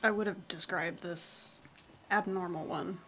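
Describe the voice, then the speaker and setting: A woman's voice: lowish voice, fairly even intonation, a little slow, bright, forceful tone, soft background music. A woman playing a tabletop game, speaking in short, matter-of-fact turns. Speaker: player. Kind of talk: casual tabletop play.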